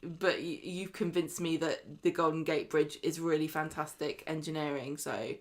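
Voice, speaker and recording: A woman, co-hosting a podcast in casual chat, animated and argumentative, often laughing. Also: deep voice, normal speed. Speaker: podcast co-host.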